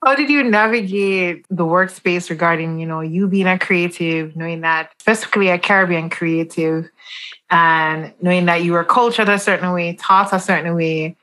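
Bright-voiced woman host. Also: fairly low pitch, moderate pace, poor audio. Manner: engaged, talkative, builds long questions. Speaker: podcast host. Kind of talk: interview questions.

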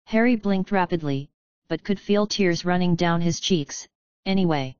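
A woman narrating a chapter of a story in a steady, measured reading style. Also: on the low side, clean tone, no echo, lo-fi sound. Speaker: audiobook narrator. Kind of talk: scripted narration of a fan fiction chapter.

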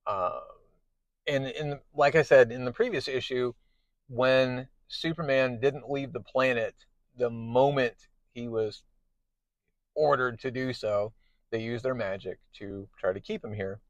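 A man's voice: medium pitch, measured pace, no room sound, highs cut off. Chatty man recapping comics. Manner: chatty, many fillers and restarts. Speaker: podcast host. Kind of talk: casual comic book recap.

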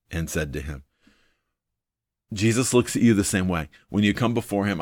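A man's voice: low-pitched, normal speed, darkish tone, no room sound, clean studio sound. A man hosting a devotional video, teaching from the Bible in an earnest, thinking-aloud way, full of ums and repeating his main points.

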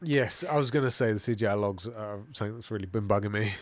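A man's voice: fairly low pitch, fast, dry recording, studio quality. A British man co-hosting a podcast, chatting casually and reading out viewer comments with easy laughs and loose swearing. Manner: easygoing, laughs and swears freely. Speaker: podcast co-host.

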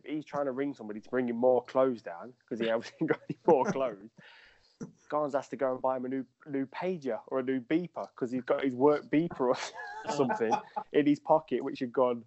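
A man's voice: mid-range voice, a little mellow, dry recording. Man telling stories, dull dry recording. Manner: rambling, laughs through anecdotes. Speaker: footballer guest. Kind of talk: casual storytelling.

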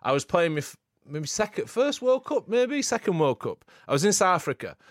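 A man co-hosting a podcast, telling animated stories with frequent laughter in casual chat. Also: high voice, brisk, dry recording, clean studio sound. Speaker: podcast co-host.

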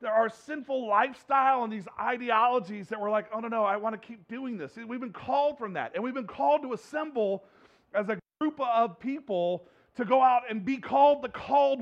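Brief: male preacher with a very high voice, animated sermon that swings into playful acted-out voices, muffled lo-fi recording. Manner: animated, acts out playful voices and rising exhortations. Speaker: pastor.

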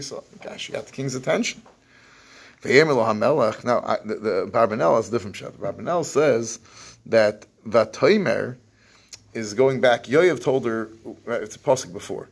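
Gravelly-voiced man teaching a Torah class. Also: mid-range voice, lively intonation, moderate pace. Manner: explains verses by reading, translating and acting out the lines; Yeshivish English with Hebrew phrases. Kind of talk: recorded evening Torah class.

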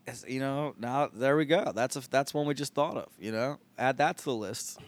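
A man's voice: mid-range voice, normal speed. Rambling, joking man on a podcast. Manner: crude joking, rambling with many fillers. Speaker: podcast co-host. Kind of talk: casual chat.

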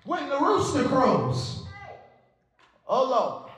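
A man preaching a call-and-response sermon as pastor, building to shouted, whooping delivery. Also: very high-pitched, wildly swooping pitch, extremely slow. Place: church sanctuary. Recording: echoey church with organ music.

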